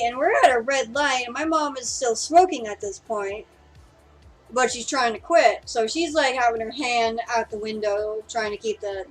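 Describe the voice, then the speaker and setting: A woman's voice: high voice, rough recording. A young woman from Seattle chatting casually, rambling with lots of fillers and swearing. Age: young adult. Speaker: podcast co-host. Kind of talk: casual chat.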